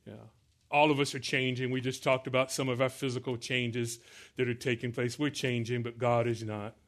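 A man preaching a sermon to a congregation, drawing answers from the pews, joking about aging, and slowing down to stress scripture lines. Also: medium pitch, little pitch movement. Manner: call-and-response preaching, asks the congregation to answer. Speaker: pastor.

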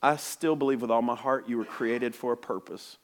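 A man preaching a sermon as a missionary, telling a story earnestly and often dropping to soft, hushed tones. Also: medium pitch, moderate pace. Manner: frequent restarts and repeated words.

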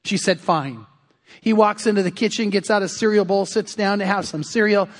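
A man's voice: sits high, steady tone, brisk. A male pastor preaching a sermon, telling a story animatedly and acting out the characters' lines. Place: church sanctuary. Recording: long reverb of a church hall.

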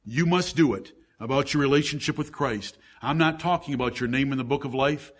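A middle-aged man preaching a sermon, pressing his listeners with fervent pleading that builds to loud climaxes. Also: medium pitch, a little fast. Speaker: pastor.

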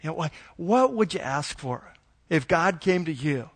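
A middle-aged man preaching a sermon in a relaxed, conversational way, telling a family story with plenty of ums and restarts. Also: fairly high pitch, a little slow. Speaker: pastor.

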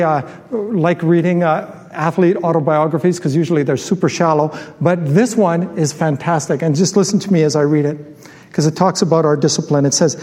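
Middle-aged male pastor, sermon, high voice, chatty with fillers, echoing church hall. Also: a little mellow. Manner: conversational, many fillers and restarts, asks the crowd questions. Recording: live church hall with long reverb.

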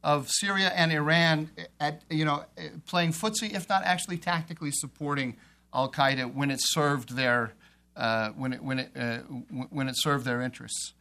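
A man speaking on a policy panel, with a voice that sits a little higher than most men's. He argues emphatically, circling back and repeating phrases to drive his point home. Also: fairly even intonation, moderate pace, bright, forceful tone. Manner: emphatic, repeats phrases while building an argument.

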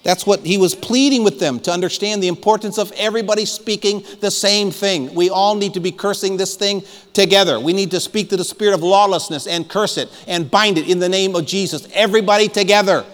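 A man's voice: high voice, a little fast, few pauses, a bit bright, long reverb tail. A man preaching a sermon as pastor, fervent and emphatic, urging his listeners to listen.

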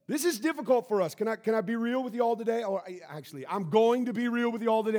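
A man preaching a sermon as pastor of his church, building to shouted emphasis. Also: extremely high pitch, lively intonation, quick pace, few pauses. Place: church sanctuary.

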